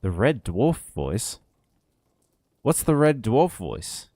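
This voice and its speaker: A man's voice: medium pitch, big pitch swings, takes it slowly, mellow, no room sound, clean studio sound. A man streaming a game, chatting casually with viewers, joking and swearing as he plays. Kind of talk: casual gameplay commentary.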